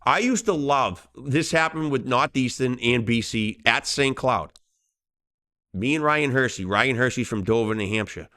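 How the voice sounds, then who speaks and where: A middle-aged man chats loosely on a podcast. He tells quick stories and slips into put-on voices for the people he quotes. His pitch sits in the middle of the range. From Boston. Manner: animated storyteller, acts out voices in quotes. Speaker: hockey referee and podcast co-host. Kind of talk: casual podcast chat.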